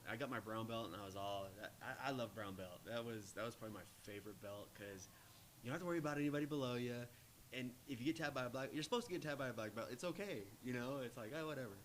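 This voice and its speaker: A man hosting a casual interview podcast, encouraging and quick to laugh. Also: medium pitch. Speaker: podcast host. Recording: faint background hiss.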